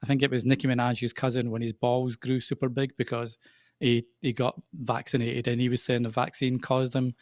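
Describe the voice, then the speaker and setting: Middle-aged Scottish man, softened accent, easygoing guest, close dry mic. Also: mid-range voice, level tone, moderate pace, no echo. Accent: soft Scottish. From Scotland. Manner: laughs easily, friendly. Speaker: podcaster guest. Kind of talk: casual live chat.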